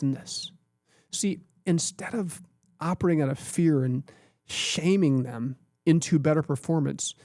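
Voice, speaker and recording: A man's voice: fairly high pitch, warm tone, dry recording, studio quality. A man co-hosting a podcast, talking earnestly and emphatically in a coaching tone.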